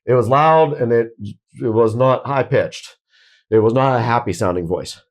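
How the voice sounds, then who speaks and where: A man's voice: medium pitch, normal speed. A man co-hosting a podcast, telling a story in a casual, rambling way with frequent restarts. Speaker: podcast co-host.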